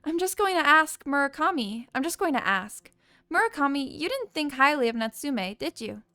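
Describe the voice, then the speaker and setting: A woman's voice: high-pitched, sing-song, moderate pace, pushed and bright, no room sound, studio quality, heavily acted. A woman voicing a polite, eager teenage schoolgirl reporter in a game. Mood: earnest.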